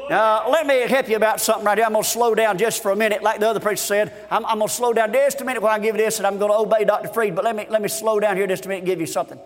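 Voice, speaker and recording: A man preaching a fervent revival sermon, often shouting and stretching words. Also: sits high. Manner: fervent, shouting, drawn-out pauses. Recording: long hall reverb.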